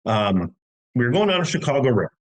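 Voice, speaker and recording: A man's voice: mid-range voice, very animated, quick pace, poor audio. A middle-aged American man telling a long story in casual talk, long-winded with many restarts. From United States. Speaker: podcast guest.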